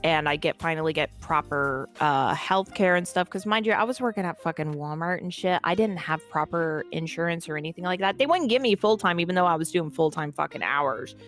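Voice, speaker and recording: A woman's voice: low voice, expressive, a little fast, few pauses, fairly bright tone, faint music behind. A woman guest in an interview, telling a personal story in a casual, candid and profane way.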